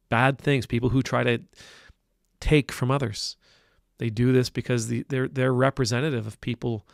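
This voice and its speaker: A man, an Anglican priest, talking through a video in casual commentary, pausing to search for words and growing emphatic when he objects. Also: medium pitch, vocal fry, no room sound, clean studio sound. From Canada.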